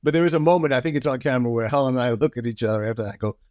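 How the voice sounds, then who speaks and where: A man in his sixties telling show-business anecdotes as a guest, animated and often acting out quotes. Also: medium pitch, racing, dry recording. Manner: lively storyteller, acts out quotes.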